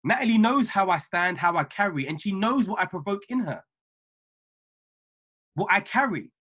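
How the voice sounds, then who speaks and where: A man giving an emphatic, repetitive motivational talk to his trading mentees over a video call, building from calm to fiery. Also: high-pitched, moderate pace. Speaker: trading mentor.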